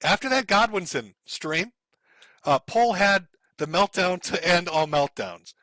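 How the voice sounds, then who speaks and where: A man's voice: sits high, animated, measured pace, pushed and bright, dry recording, poor audio. A man streaming, giving sarcastic, profane commentary while reading out posts and chuckling often.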